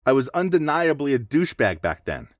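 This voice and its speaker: A young man narrating a first-person story in a reflective, expressive way. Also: medium pitch, fairly quick, no echo, clean studio sound.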